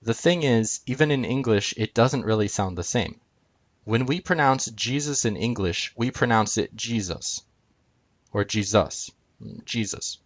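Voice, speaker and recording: A man's voice: mid-range voice, expressive, moderate pace. A man explaining a chart on screen, talking hesitantly with many filler sounds. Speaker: video presenter.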